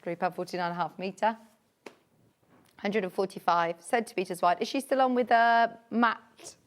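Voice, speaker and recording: A woman presenting fabric on a live shopping channel, chatty and gushing with delight. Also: moderate pace. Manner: chatty and gushing, swoops high with excitement. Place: TV studio.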